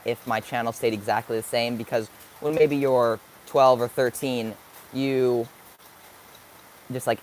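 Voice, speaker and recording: Over a faint hiss or hum, a young man in his late teens takes questions from his live-stream viewers in a medium-pitched voice. Upbeat and occasionally hyper, he searches for words as he thinks out loud.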